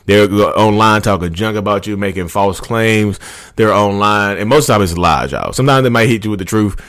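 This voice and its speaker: A man's voice: on the low side, a little fast, fairly bright tone, no echo, studio quality. A man in his thirties talking casually to his viewers, rambling and calling them "y'all", with passionate ranting bursts. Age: 30s. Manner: chatty and rambling, often addresses viewers as "y'all". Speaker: YouTube channel host. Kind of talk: casual talk to camera.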